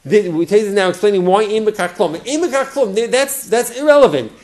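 A man's voice: high-pitched, expressive, a little fast, darkish tone. A man teaching a Talmud lesson in a slightly raised voice. He lays out the argument step by step, asks his listeners rhetorical questions, and often stops and restarts his words. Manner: explains step by step with rhetorical questions, repeats terms.

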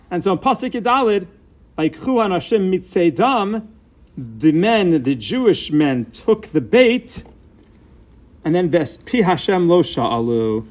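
A man with a fairly high voice teaches a Bible passage verse by verse. He is animated and slows down to lean on key words, working Hebrew terms into his explanation. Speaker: Torah teacher. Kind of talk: text-based Bible lesson.

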